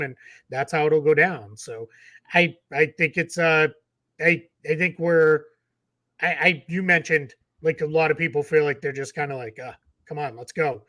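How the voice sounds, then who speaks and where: Rambling man with a slightly high voice. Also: bright, forceful tone, dry recording. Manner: rambling, frequent restarts and repeated words. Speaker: podcast co-host. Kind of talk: casual sports talk.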